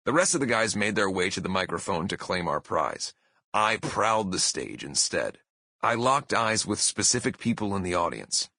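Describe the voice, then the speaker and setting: A man in his thirties reading his own memoir aloud as an audiobook, with expressive, emphatic storytelling. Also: lowish voice, dry recording. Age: 30s. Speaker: author narrating his memoir. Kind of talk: audiobook narration.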